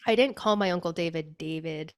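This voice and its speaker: A woman with a lowish, smooth voice speaks a little fast while being interviewed on a podcast as a spirit medium. Chatty and peppered with "like," her personal story includes reenactments of her own past words.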